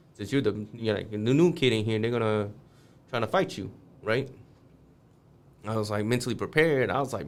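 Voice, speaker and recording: A man's voice: lowish voice, clear, resonant tone. A man guest on a podcast, telling a street story casually, swearing freely and acting out the voices of the people in it.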